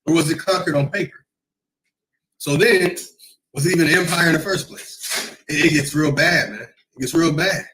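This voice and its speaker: A man's voice: fairly high pitch, normal speed, pauses often, pushed and bright, low-quality recording. A man hosting a casual livestream, talking in a rambling, emphatic way, often repeating himself and reading comments from the chat. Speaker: livestream host.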